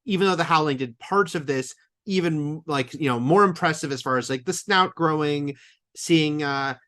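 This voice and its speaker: A man's voice: fairly high pitch, moderate pace, sharp tone. A man co-hosting a podcast, talking casually about a film, with trailing phrases and lots of fillers. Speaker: podcast co-host.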